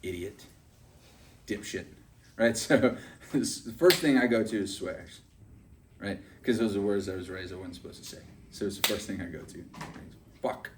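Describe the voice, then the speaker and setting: A man's voice: fairly low pitch, moderate pace, recorded from a distance, background noise. A man giving a motivational sales training talk, chatty and often asking "right?" to check in with his listeners.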